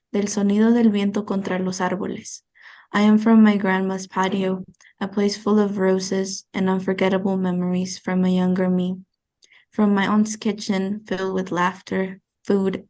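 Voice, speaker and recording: A woman from Mexico recites her poem in measured lines, moving between English and Spanish. Her voice is warm and mellow, and she keeps a fairly flat pitch. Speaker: student guest. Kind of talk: poetry reading.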